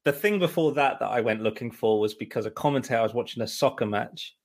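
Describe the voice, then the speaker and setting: A man's voice: mid-range voice, quick pace, vocal fry. A man co-hosting a podcast, telling rambling, exasperated stories full of fillers and restarts. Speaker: musical director and co-host. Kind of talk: casual chat.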